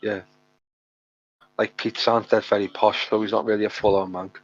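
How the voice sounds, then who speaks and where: A man's voice: on the low side, level tone, normal speed, no room sound, highs cut off. A man with a thick Liverpool Scouse accent, talking bluntly in a casual voice chat. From Liverpool, England.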